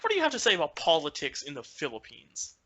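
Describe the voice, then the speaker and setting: A man puts on a snooty, self-satisfied male game journalist who sneers at everything. The voice sits a bit high and bright. It is slow and drawn out, with a smug podcast-mockery tone. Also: huge pitch swings, full character voice. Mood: sneering. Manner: mocking, sneering.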